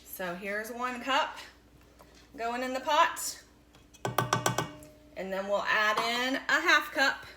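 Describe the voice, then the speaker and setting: A woman's voice: fairly high pitch, animated, slow, long pauses, over loud music. A woman in her thirties, a mother, giving cheerful, patient step-by-step instructions to kids while cooking at home. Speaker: mother hosting a kids' science video. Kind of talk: casual instructional chat to kids. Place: home kitchen. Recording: echoey kitchen with clear background noise.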